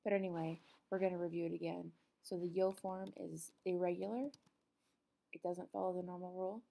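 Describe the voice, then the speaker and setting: A middle-aged woman teaching a recorded Spanish lesson, explaining patiently with frequent pauses and ums. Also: on the low side, little pitch movement, vocal fry, warm tone.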